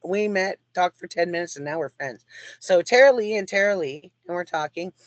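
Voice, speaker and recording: A talkative woman guest telling a story in an animated way and laughing often. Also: fairly low pitch, normal speed, dry recording. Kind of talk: storytelling chat.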